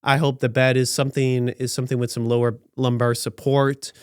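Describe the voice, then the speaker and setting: A man's voice: medium pitch, little pitch movement, brisk, smooth, no room sound, studio quality. A man hosting a podcast, giving sarcastic and rambling commentary on news stories with many restarts. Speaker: podcast host.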